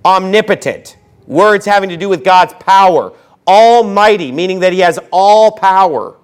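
This man is a pastor giving a fiery sermon, moving from low asides to shouted outbursts. He slows his delivery to emphasize scripture quotes.

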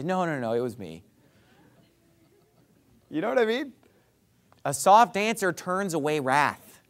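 A male pastor preaching a sermon to his congregation, asking rhetorical questions and dropping his voice softly to act out apologies. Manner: drops to a soft low voice to act out apologies.

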